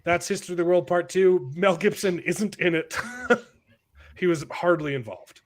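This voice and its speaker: A man's voice: high voice, measured pace. A man hosting a podcast in casual chat, rambling and repeating words as he starts his sentences. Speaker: podcast host.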